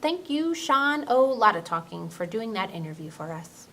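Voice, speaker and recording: A woman as a mock-serious anchor, animated intonation, medium pitch. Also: normal speed, a little hiss or hum. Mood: newsy. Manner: lively, mock-serious newsreader delivery. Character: chirpy female TV news anchor. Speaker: news anchor. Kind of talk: home-video mock news skit.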